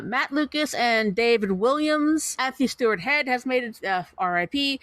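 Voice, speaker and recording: A woman's voice: mid-range voice, a bit bright, no room sound. A woman hosting a podcast, reviewing comedy clips in a chatty, giggly, enthusiastic way. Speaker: podcast host. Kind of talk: casual review chat.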